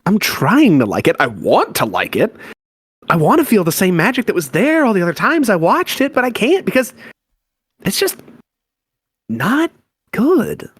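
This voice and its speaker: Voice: medium pitch, huge pitch swings, normal speed, long pauses, husky, dry recording. Someone voicing a sulky, disillusioned teenage boy who rants with sarcastic exasperation. His voice swings widely up and down as he complains. It is recorded dry and close, with no room sound. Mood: dejected. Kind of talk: fan voice-acted comic reading.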